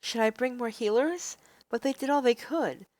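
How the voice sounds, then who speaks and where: A woman's voice: fairly high pitch, moderate pace, a little mellow, dry recording, lightly acted. A woman voicing a nervous, earnest young heroine who stammers and pleads, reading a visual novel aloud. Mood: flustered.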